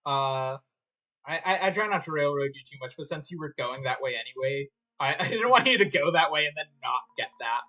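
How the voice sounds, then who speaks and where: A woman streamer chatting casually while guiding a guest through a game, with quick, giggly asides. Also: low voice, lively intonation, sharp tone, poor audio.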